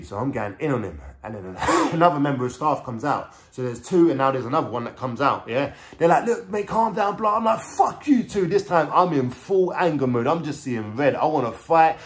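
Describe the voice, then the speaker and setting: A man with a London accent recounts a story in a loose, conversational way. He talks in street slang, swears freely and keeps checking in with the listener. His voice sits at an ordinary middle pitch. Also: normal speed. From England. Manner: street slang, swearing, frequent "you know what I'm saying". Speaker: vlogger. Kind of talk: casual storytelling.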